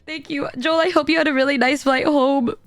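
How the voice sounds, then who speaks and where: High-voiced hoarse woman streamer chatting. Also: brisk, no room sound. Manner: animated, laughing, swearing storytelling. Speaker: VTuber streamer. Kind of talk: casual livestream chat.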